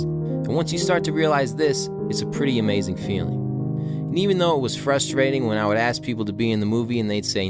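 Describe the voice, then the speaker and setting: A man narrating a reflective voice-over in an earnest, calm and upbeat way. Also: mid-range voice. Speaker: filmmaker narrating.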